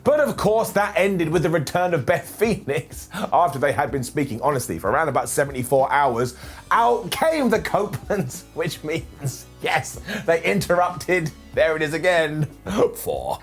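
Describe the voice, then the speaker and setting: Animated, husky man reviewing. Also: on the high side. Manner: animated, jokey, ranting. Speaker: host. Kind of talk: casual review monologue. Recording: faint background music.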